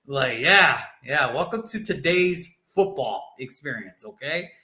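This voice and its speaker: A man's voice: mid-range voice, lively intonation, a little slow, sharp tone, roomy sound, poor audio. A man co-hosting a sports show, chatting loosely about football picks and rambling as he swears freely. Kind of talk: casual sports prediction chat.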